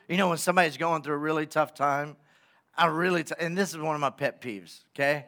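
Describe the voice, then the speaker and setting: A pastor preaches in an emphatic, conversational way and keeps checking in with his congregation. His voice is high and bright. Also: quick pace. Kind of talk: sermon.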